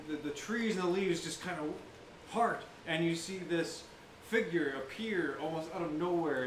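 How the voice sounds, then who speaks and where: A man's voice: on the high side, a bit bright. A man narrating a tabletop game as game master in a loose, easygoing way. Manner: loose, laughing narration with fillers. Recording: echoey room with background noise.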